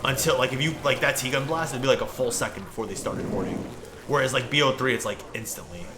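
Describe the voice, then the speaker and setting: A man's voice: medium pitch, quick pace, noisy background. A young man casually chatting with viewers while he plays, rambling and laid-back, full of "like" and "bro". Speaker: gaming streamer.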